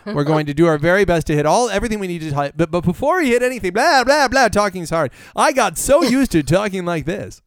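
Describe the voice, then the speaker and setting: Animated man joking as podcast host. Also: sits high, fast talker, dry recording, studio quality. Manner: joking, laughing, crude, rambling with restarts. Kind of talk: casual comedic podcast chat.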